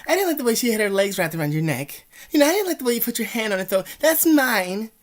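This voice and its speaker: A man mimics a jealous young girlfriend, her voice pitched high and sharp with accusation. She sounds possessive and whiny, and she speaks up loudly. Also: very animated, fast talker.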